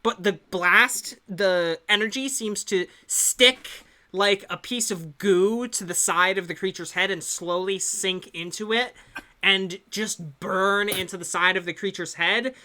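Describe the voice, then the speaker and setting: A woman game master narrates an online tabletop session with a bright, ringing tone. She chats and jokes loosely with players, then stretches out her scene descriptions. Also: mid-range voice. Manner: casual and laughing, swearing, with lively slowed narration. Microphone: computer mic on a voice call.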